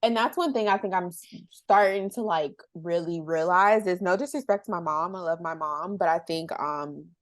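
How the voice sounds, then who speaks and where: Young woman host, low dry voice. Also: normal speed, hardly any pauses, dry recording. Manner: rambling, searching for words, many "like" fillers. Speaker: podcast host. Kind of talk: casual interview chat.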